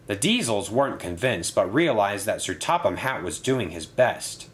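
Guy reading a train story out loud, super lively ups and downs. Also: lowish voice, normal speed, hardly any pauses. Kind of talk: storybook narration.

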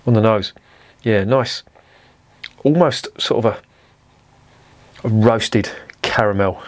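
A man reviewing a beer in a casual vlog, meandering from tangent to tangent with plenty of ums. His voice sits a bit low, and his talk is chatty and unpolished with the odd swear word. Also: fairly even intonation, a little slow, pauses often. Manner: rambling, chatty, with swearing and many fillers.

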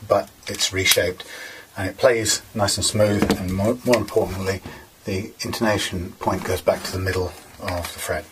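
A man's voice: low voice, steady tone, normal speed, noisy background. A man casually talking through guitar fret work in a workshop, rambling with many fillers as he explains each step. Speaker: guitar repairer.

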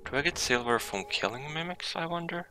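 A man's voice: fairly high pitch, animated, a little fast, sharp tone, soft background music. A man giving casual commentary on a game he is playing, swearing often, making frustrated outbursts and reading item text aloud. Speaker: let's play gamer.

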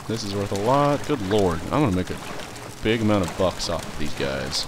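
A young man casually commentating his own gameplay, rambling, swearing and reacting loudly to what happens in the game. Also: on the low side, big pitch swings, normal speed, noisy background. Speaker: let's play host.

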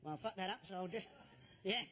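A man delivers a deadpan, sweary comic routine in a notably high voice. Loud studio audience noise fills the TV recording around him. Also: a little fast. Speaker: comedian panellist. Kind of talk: stand-up routine on a panel show.

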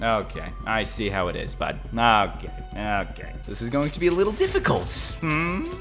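A young man narrates his own horror gameplay in a casual, animated voice that rises and falls widely. He drops into quiet muttering as he hunts around, then breaks into sudden shouts at every scare. Faint game music plays underneath. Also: on the low side, normal speed. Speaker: gaming video host. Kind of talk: excited gameplay commentary.

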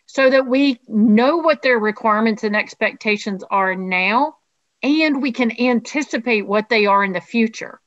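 A woman co-presenting a webinar over a video call with her camera off, explaining a framework briskly and asking rhetorical questions. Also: a little high. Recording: muffled video-call audio.

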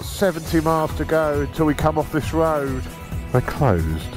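A man's voice: fairly high pitch, animated, moderate pace, over music. A man vlogging a motorcycle tour, sweary, joking and worn out. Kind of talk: casual vlog chat.

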